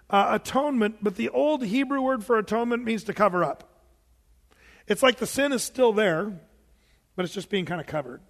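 A man preaching a sermon in a church, telling stories with animated delivery and laughing with the congregation. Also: sits high, long reverb tail. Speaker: pastor. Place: church sanctuary.

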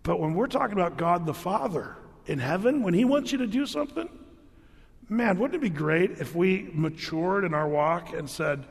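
High-voiced pastor preaching in a reverberant hall. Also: male voice, lively intonation, moderate pace, creaky, slightly rough. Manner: conversational storytelling with many restarts. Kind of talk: sermon. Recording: long reverb of a large hall.

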